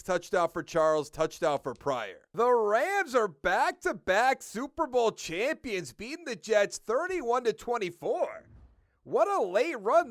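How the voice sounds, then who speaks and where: High, lively man with a Boston accent. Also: no room sound, clean studio sound. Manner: thinking aloud while ticking through stats and numbers. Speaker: gaming video creator. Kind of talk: casual gameplay commentary.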